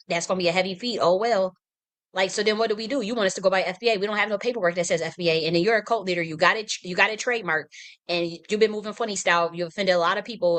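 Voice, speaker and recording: A woman's voice: on the low side, a bit bright. A woman hosting a casual livestream, talking bluntly and emphatically with frequent restarts and swearing. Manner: shifts into mock-quoting herself and others. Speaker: livestream host.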